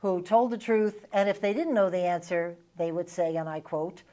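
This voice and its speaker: A woman's voice: on the low side, fairly even intonation, moderate pace, warm tone. A middle-aged woman with a Vermont accent, hosting an interview and recalling stories from her legislative days with a ready laugh. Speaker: host and former legislator. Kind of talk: casual interview chat.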